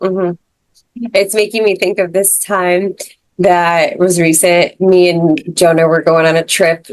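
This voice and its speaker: A woman's voice: lowish voice, flat delivery, a little slow, no room sound. A woman co-hosting a podcast, telling a personal story in a casual, rambling way with lots of fillers and restarts. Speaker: podcast co-host. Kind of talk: casual chat.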